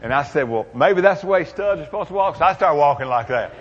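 A man's voice: on the high side, lively intonation, fast talker, husky. An older man telling folksy, humorous stories in a speech to an audience. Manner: folksy, humorous, drawling storyteller. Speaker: motivational speaker. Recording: muffled, echoey hall.

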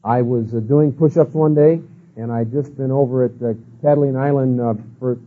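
Brief: husky male preacher, folksy and rambling, old lo-fi tape. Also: mid-range voice, steady tone, a little fast. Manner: folksy, storytelling with many "you know" and "uh" fillers. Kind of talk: sermon-style lecture. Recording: tinny phone-like old tape.

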